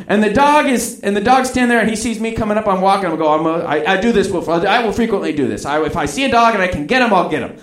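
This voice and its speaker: A man's voice: high-pitched, lively intonation, fast talker, fairly bright tone. A man telling a rambling personal anecdote, acting out the voices of the people in it. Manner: rambling, acts out quoted voices. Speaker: storyteller. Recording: roomy echo.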